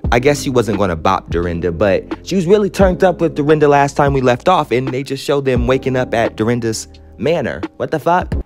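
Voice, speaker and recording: A man with an even, middle-pitched voice hosts a casual recap show, brash and foul-mouthed, full of chatty asides. Music plays clearly underneath him throughout. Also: brisk. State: out of breath. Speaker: podcast host recapping a reality show. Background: music playing underneath.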